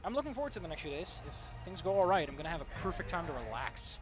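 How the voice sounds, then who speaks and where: Fast-talking, ranting young male streamer. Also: on the high side, very animated, music in the background. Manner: ranting, sarcastic, swears freely. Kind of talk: casual gaming stream chat.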